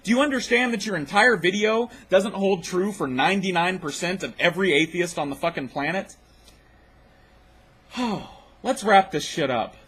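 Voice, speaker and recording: A man's voice: high voice, animated, normal speed, fairly bright tone, breathy edge. A man hosting his own video, rebutting a clip with a blunt, mocking, profane rant. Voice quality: blunt, mocking, swears freely.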